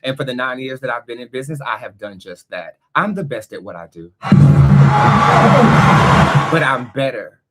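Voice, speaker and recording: A man's voice: mid-range voice, animated, quick pace, few pauses. A man, hosting a live tarot stream in a brash, profane, chatty way. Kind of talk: casual live-stream monologue. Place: home studio. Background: loud music.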